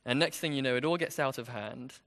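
A man's voice: medium pitch, brisk, a bit bright, in a large hall. A man preaching an expository sermon in a conversational way, with rhetorical questions.

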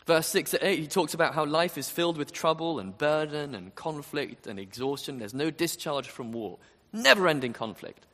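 Man preaching a sermon, earnest, emphatic, lively rising and falling delivery, slightly raised voice, long hall reverb. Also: on the high side. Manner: earnest, emphatic, with rhetorical questions.

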